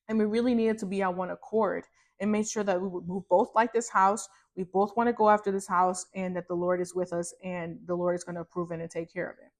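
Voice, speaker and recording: A woman in her thirties, a podcast host, telling a personal faith testimony in casual chat, animated and rambling with many fillers and restarts. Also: medium pitch. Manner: animated, acts out her own reactions in quotes.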